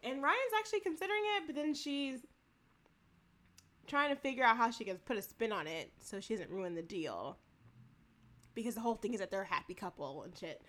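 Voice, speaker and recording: A woman with a bright, fairly high voice chats loosely as a co-host. She recaps a show with a lot of laughing, swearing and acted-out lines. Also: fairly quick. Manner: animated, laughing, profane storytelling. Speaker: podcast co-host. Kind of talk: casual recap chat.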